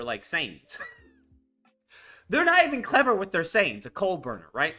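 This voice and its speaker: A man's voice: a little high, huge pitch swings, brisk, bright, forceful tone, soft background music. A man hosting a casual commentary show, ranting bluntly and profanely, repeating himself for emphasis. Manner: blunt, profane, repetitive and heated. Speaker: commentary channel host. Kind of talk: casual political commentary rant.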